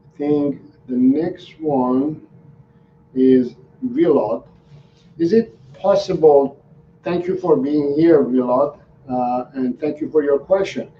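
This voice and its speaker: A dog trainer with a medium-pitched voice replies to questions from his live-stream viewers, unhurried and hesitant, repeatedly saying um and starting over. His sound is distant and roomy, dull, with a faint layer of noise.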